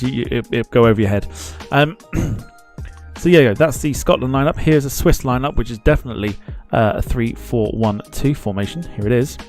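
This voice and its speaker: With a mid-range voice, a man hosts a live football watchalong stream, chatting casually. He greets viewers in the chat and laughs at himself as he rambles on.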